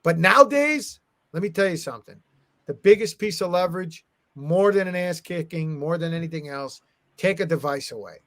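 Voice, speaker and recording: A gravelly middle-aged man spins profane stories in a relaxed conversation. He acts out the people he quotes, and his pitch sits a little high. The sound is dry and close. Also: normal speed, dry recording. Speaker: guest, comic artist and art agent. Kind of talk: casual storytelling chat.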